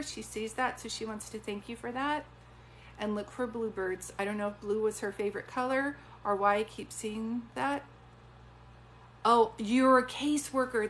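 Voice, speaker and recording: A woman doing a live-stream psychic reading, chatty and rambling, offering warm reassurance. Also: fairly high pitch, slight background noise. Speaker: psychic medium.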